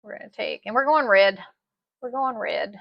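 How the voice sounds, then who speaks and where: A woman giving a casual sewing machine demonstration, chatty and excitable, repeating her phrases as she works. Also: on the high side, moderate pace, vocal fry, no echo, highs cut off. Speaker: sewing instructor.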